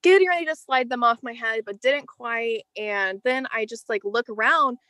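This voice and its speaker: A teenage girl with a fairly high voice tells a personal story as an interview guest. She talks in an animated, chatty way, with plenty of "like" fillers. Her voice is recorded dry and close, with no room sound. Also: moderate pace, no echo.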